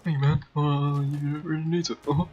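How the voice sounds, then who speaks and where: A man putting on a laid-back male celebrity's voice, with a high, breezy drawl. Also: level tone, normal speed, a little mellow, dull audio, natural voice.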